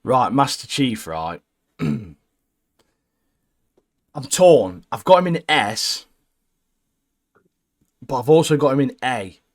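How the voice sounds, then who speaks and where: A young man co-hosting a casual gaming chat, blunt and opinionated, ending phrases with "mate" and dropping low. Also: lively intonation, takes it slowly, pauses often. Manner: blunt, says "mate" constantly, trails off low at line ends. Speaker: co-host.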